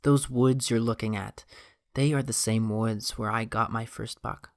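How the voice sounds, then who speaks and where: Guy doing a quiet gentle man remembering his dad, soft and low-key, dry audiobook sound. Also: steady tone, a little slow, no room sound. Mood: reminiscing.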